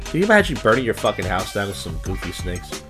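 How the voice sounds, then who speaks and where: A man's voice: lowish voice, sing-song, fast, over music. A man hosting a comedy podcast, reading odd news stories and adding sardonic, rambling asides. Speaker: podcast host. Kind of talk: casual comedic news commentary.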